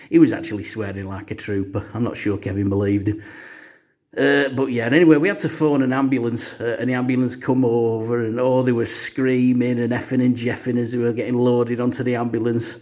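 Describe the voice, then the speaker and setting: A man telling a funny story as host of his own channel. He rambles casually, leaning on "uh" at the start of nearly every line, and his voice sits at an ordinary middle pitch. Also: steady tone, brisk, darkish tone. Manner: rambling with frequent "uh" fillers.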